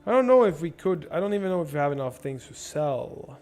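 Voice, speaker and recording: A man's voice: a little high, big pitch swings, a little fast, soft background music. Profane, rambling young male game streamer. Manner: profane, rambling, thinks out loud. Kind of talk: casual gameplay livestream commentary.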